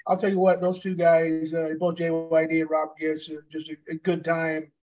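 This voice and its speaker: A man in his fifties from the United States, co-hosting a casual chat. His voice is slightly high and stays flat in tone. He reminisces in loose, rambling sentences with many fillers. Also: moderate pace, soft background music, poor audio. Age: 50s. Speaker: co-host, former pro wrestler.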